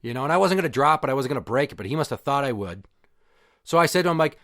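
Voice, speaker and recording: A man's voice: mid-range voice, expressive, very fast, fairly bright tone, no echo, studio quality. Blunt, swearing middle-aged man. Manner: blunt, profane and heated. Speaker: podcast host. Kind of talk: personal storytelling monologue.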